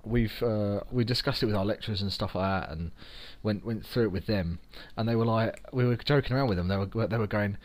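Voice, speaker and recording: A young man with a London accent and a fairly low voice co-hosts a casual podcast. He rambles through stories with sarcastic asides and swears freely. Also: fairly quick, hardly any pauses. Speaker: podcast co-host. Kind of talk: casual chat.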